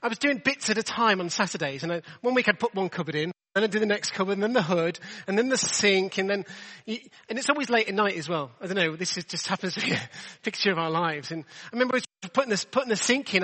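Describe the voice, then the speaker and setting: A high, bright-voiced man from delivers a casual sermon, throwing rhetorical questions at his congregation. His voice rings out with a long hall reverb behind it. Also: fast, hardly any pauses. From England. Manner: chatty, self-deprecating, rhetorical questions. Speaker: preacher.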